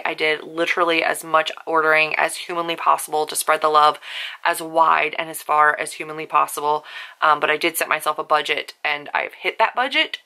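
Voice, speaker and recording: A young woman chatting casually in a book vlog from her bedroom, gushing and animated with quick asides. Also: low-pitched. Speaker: book vlogger. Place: bedroom at home.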